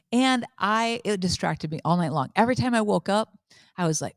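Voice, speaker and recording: A woman's voice: mid-range voice, fairly quick, no echo. Candid fifty-something woman podcaster, dry sound. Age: 50s. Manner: candid, animated storytelling with repetition. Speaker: podcast host. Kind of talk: casual faith talk.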